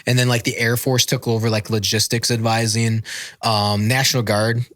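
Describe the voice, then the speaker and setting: A man's voice: medium pitch, flat delivery, normal speed, a bit bright, no echo, studio quality. A man in his thirties, a former Marine, telling a long war story in casual, profane, rambling talk and acting out what others said. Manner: rambling, profane, acts out quotes. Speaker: podcast guest, former Marine.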